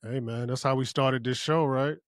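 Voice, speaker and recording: A man's voice: mid-range voice, fairly even intonation, normal speed, clean tone, no room sound, studio quality. Laid-back, profane man on a podcast. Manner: loose, profane, agreeable. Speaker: podcast co-host. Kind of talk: casual podcast chat.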